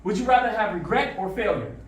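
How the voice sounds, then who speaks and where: A man giving a motivational talk in a school classroom, using lively call-and-response storytelling. His voice sits high and swings widely in pitch. The sound is roomy and picked up from a distance. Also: quick pace. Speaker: motivational speaker. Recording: echoey room from far off.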